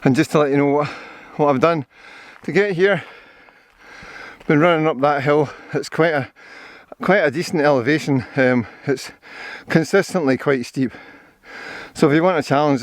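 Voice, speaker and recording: An older man with a Scottish accent runs and walks along an outdoor forest trail, talking casually to a handheld camera and rambling cheerfully about the view. His voice is medium-pitched, and the vlog has studio-quality sound with no room echo.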